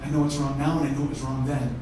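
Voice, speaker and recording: A comedian telling a story on a theater stage, profane, swinging from shouting to hushed. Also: male voice, fairly high pitch, level tone, racing, noisy background. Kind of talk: stand-up storytelling. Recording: echoey theater from far off.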